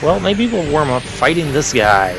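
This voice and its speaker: A man hosts a let's play with game music in the background, chatting casually and wryly about the game with a lightly sarcastic edge. His voice is fairly high and gravelly, with big pitch swings and a moderate pace.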